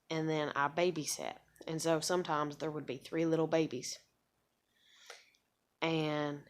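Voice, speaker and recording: A woman in her thirties venting in a rambling, casual monologue, frustrated and swearing often. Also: sits low. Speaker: vlogger.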